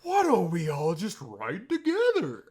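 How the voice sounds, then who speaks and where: A man's voice: sits high, huge pitch swings, measured pace, a little mellow, voice pushed up, exaggerated voice. A young man voicing a pious, pompous sixty-year-old religious man who talks in an overly formal, churchy way. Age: 60s.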